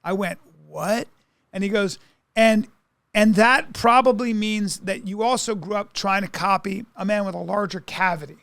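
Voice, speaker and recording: A high-pitched man from New York tells a long story on a comedy podcast, stumbling over restarts and acting out what others said. His voice is recorded close and dry, with no room sound. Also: normal speed, creaky, fairly bright tone, dry recording. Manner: rambling storyteller, many restarts and acted-out quotes. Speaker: podcast co-host. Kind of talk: casual comedic chat.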